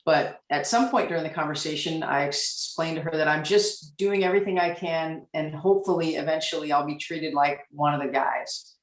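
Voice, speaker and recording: A woman in her forties speaks candidly and reflectively as a panelist, pausing often with "um". Her voice carries a noticeable room echo. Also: low-pitched, fairly even intonation, far from the mic. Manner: candid, reflective, with frequent "um" pauses. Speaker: panelist, police officer. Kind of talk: panel discussion storytelling.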